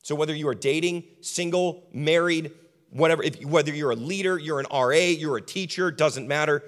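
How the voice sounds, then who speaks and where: A man delivers a sermon with a voice on the higher side for a man. He hammers points through repeated lists and then drops low and quiet to stress a line. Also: a little fast, in a large hall. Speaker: pastor.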